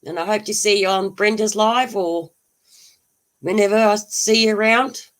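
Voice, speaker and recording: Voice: medium pitch, fairly even intonation, normal speed, a bit bright. A livestream host who chats casually, laughs often and answers viewers' comments. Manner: laughs often, chatty and rambling, answers chat.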